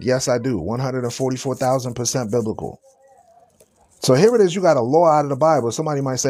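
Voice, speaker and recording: A man hosting a live stream of religious commentary, his voice sitting at a middle pitch. He talks emphatically and with open sarcasm, hammering home points with repeated rhetorical questions. When he reads scripture he slows right down. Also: darkish tone.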